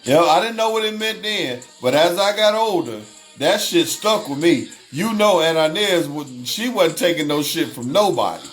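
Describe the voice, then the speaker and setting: A man's voice: on the high side, expressive, normal speed, hardly any pauses, faint music behind. A man hosting a casual livestream, reading chat aloud, swearing freely and laughing often. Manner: profane, laughs often, repeats himself.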